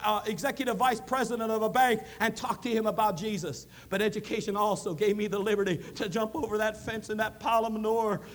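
A male preacher with a notably high voice delivers a sermon, swelling into loud, emphatic peaks. A faint hum of ambience sits behind him. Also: flat delivery, quick pace, hardly any pauses.

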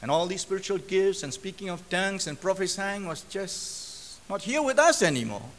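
A man's voice: high-pitched, sing-song, moderate pace, fairly bright tone, a little hiss or hum. A male preacher from Myanmar, telling his testimony in a sermon and acting out the quoted dialogue. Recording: long hall reverb.

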